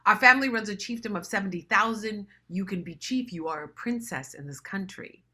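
A man's voice: high-pitched, brisk, pushed and bright, exaggerated voice. A woman voicing a joyful, proud West African uncle, talking in an exuberant, proclaiming way.

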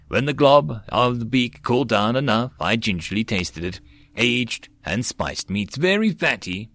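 A man's voice: mid-range voice, expressive, unhurried, a bit bright, no room sound. Man reading a story in a dry voice. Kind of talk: reading fan fiction aloud.

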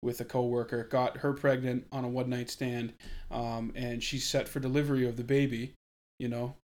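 Podcast host, male, mid-pitched, easygoing rambler with lots of "um"s. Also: level tone, normal speed, a little mellow. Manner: chatty, rambling with fillers. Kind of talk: casual chat.

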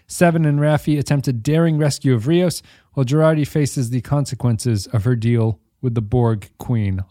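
A man's voice: mid-range voice, dark tone, dry recording. A man hosts a casual podcast chat, joking around and laughing often. His voice sits in an ordinary middle register. The sound is dry and close-miked. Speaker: podcast host.

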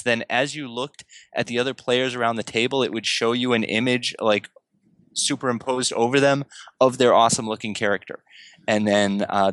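A man at a mid pitch chats enthusiastically on a panel. The sound is close and dry. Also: a bit bright, dry recording. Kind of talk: casual panel discussion.

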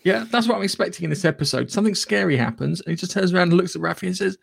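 A man's voice: sits high, very fast, vocal fry, husky, no echo. A man co-hosting a podcast in a casual, sweary, rambling chat. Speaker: podcast co-host.

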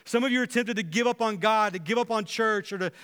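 Pastor guy preaching, high bright clear voice, acts out the quotes, big echoey church hall. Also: quick pace. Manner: earnest, acts out quoted prayers and dialogue. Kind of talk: sermon. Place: church sanctuary. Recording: long hall reverb.

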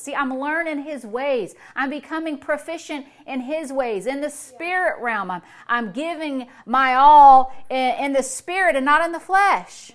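A woman's voice: sits high, unhurried, few pauses. A woman pastor preaching a sermon, exuberant, repeating short phrases and breaking into long fits of laughter.

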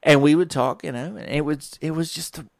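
A man's voice: on the high side, a little fast, gravelly, dry recording, studio quality. A man, a professional wrestler, telling rambling work stories in a casual monologue, acting out what others said. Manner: rambling, animated quoting of others.

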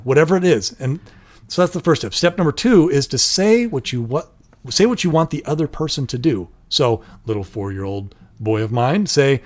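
A middle-aged man co-hosts a relaxed conversation about raising children. He talks earnestly and slips into short acted-out example lines for parents and kids. His voice sits at an ordinary middle pitch. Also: moderate pace. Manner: earnest, acts out little quoted lines. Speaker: parenting show co-host. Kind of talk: casual advice chat.

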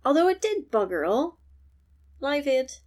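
Animated woman retelling a film. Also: sits high, measured pace. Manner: animated storytelling, mimics characters, swears freely. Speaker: podcast co-host. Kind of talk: casual film recap chat.

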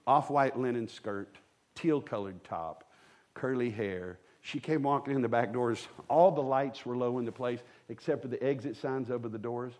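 A man's voice: medium pitch, darkish tone. Male pastor, folksy and joking, tells personal stories from the pulpit to a live congregation. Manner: folksy, humorous storyteller with quick asides to the congregation. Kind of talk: storytelling sermon. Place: church sanctuary with a live congregation.

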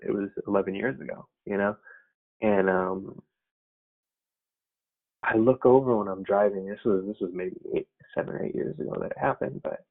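A man's voice: on the low side, creaky. A man sharing an earnest, reflective personal faith story, talking loosely with many fillers. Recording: tinny phone-like sound.

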